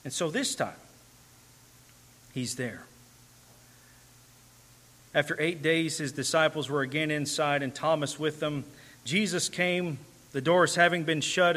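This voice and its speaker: Male preacher, earnest sermon delivery, bright, slightly high voice. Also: unhurried, long pauses. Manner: earnest, rising to emphatic and tender passages.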